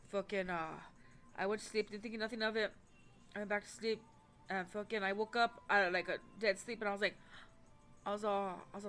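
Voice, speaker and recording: A vlogger tells a personal story to the camera, rambling and blunt, swearing constantly. Her medium-pitched voice is a bit bright, with fairly even intonation, a fairly quick pace and frequent pauses. Faint music plays in the background.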